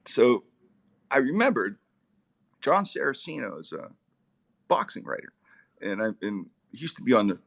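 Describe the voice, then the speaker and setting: A middle-aged man, a radio personality, telling comic stories in a lively, animated way. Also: gravelly. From Pittsburgh area, USA. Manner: lively, comic, with big swings in pitch. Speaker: radio personality and podcast host, guest. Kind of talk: animated storytelling.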